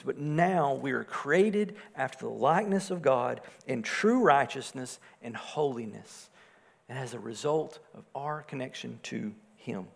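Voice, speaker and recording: A man preaching a sermon, swelling louder on his points and dropping soft and low on key phrases. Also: vocal fry. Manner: rises in volume for emphasis, drops low and soft on key phrases. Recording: long hall reverb.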